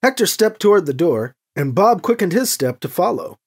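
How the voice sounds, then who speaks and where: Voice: mid-range voice, very animated, normal speed, darkish tone, slightly rough. An audiobook narrator reading a story expressively and giving each character a voice. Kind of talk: scripted narration.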